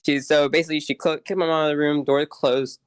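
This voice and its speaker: A man's voice: a little high, flat delivery, fast talker, clean tone, no echo, rough recording. A young man co-hosting a podcast, telling a story casually with lots of fillers. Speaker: podcast co-host. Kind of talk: casual chat.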